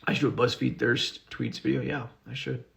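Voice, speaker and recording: A man's voice: mid-range voice, level tone, brisk, creaky. A male actor casually reading out fan questions during a livestream and answering with fillers and restarts. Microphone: phone.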